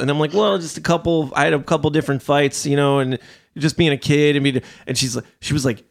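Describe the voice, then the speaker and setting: A man's voice: fairly high pitch, brisk, creaky. A man hosting a casual podcast, telling rambling stories and swearing freely. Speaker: podcast host. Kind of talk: casual chat.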